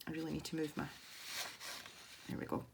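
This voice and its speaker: A Scottish woman with a low, gravelly, slightly mellow voice chats fairly quickly in a completely flat delivery as she colours. Over slight background noise, she demonstrates an art technique for her channel, rambling and laughing easily.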